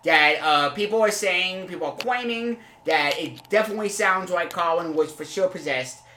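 A man hosting an improvised comedy podcast, rambling and halting with many fillers before turning suddenly emphatic. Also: high-pitched, sharp tone, echoey room, a little hiss or hum. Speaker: podcast host.

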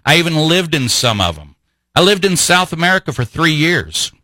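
Impassioned talk radio host, bright voice. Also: male voice, on the high side, big pitch swings, normal speed, dry recording, low-quality recording. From grew up in Vienna. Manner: impassioned, emphatic, rhetorical questions. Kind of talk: political talk radio monologue.

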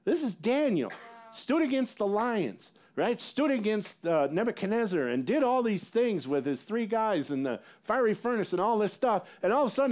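Animated male preacher, lively pitch. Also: moderate pace. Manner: animated, conversational preaching with asides. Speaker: pastor. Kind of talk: sermon.

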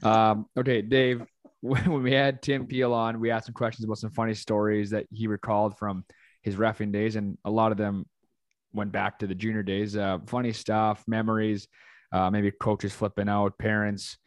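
A man's voice: fairly low pitch, flat delivery, moderate pace, no room sound. A man hosting a podcast, asking questions casually with fillers. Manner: upbeat, asks questions with fillers. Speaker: podcast host.

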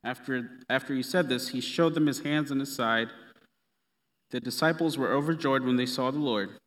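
A man preaching a sermon in a relaxed, conversational way with playful asides. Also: medium pitch, normal speed. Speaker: pastor. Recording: long reverb of a hall.

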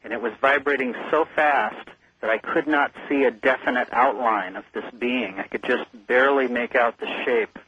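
A man's voice: mid-range voice, normal speed, bright, forceful tone, breathy edge, no room sound. A man calling in as a guest on a radio interview, telling his story in an earnest, vivid way. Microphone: telephone. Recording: muffled phone line.

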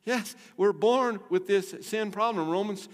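An older man preaching a sermon, emphatic, asking rhetorical questions and swinging between loud and soft. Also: high-pitched, unhurried, smooth. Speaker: pastor. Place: church sanctuary. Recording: long hall reverb.

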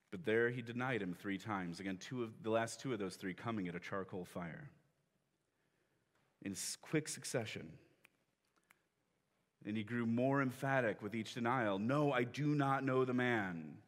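A man's voice: lowish voice, moderate pace, pauses often, in a large hall. A man preaching a sermon as pastor, telling the story conversationally and acting out the quoted lines. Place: church sanctuary.

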